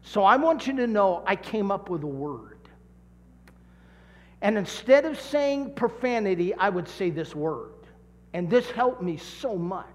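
A man preaching a sermon, telling stories with dramatic shouts and drawn-out emphasis. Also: high-pitched, very animated, long reverb tail. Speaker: pastor.

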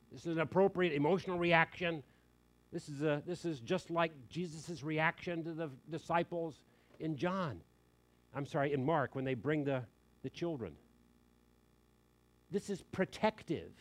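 A male preacher with a voice pitched a little above the usual range. He preaches with animated emphasis and tosses in quick, wry asides along the way. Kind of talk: sermon.

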